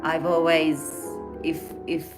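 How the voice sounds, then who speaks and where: A woman's voice: low-pitched, little pitch movement, slow, over music. A woman chatting casually and earnestly on a live stream, rambling and reading out viewer comments. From Australia. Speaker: livestream host.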